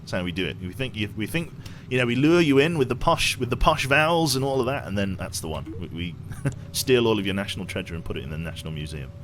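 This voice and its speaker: A man's voice: fairly low pitch, expressive, fast talker, fairly bright tone, a little hiss or hum. A young man from England with a posh English accent, chatting casually with his viewers while streaming a game, self-deprecating and reading chat aloud.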